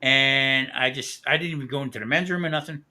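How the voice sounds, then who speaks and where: Bright-voiced man telling a profane story. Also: medium pitch, fairly quick. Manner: profane, laughing, animated anecdote-teller. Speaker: host. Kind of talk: casual storytelling on a live stream.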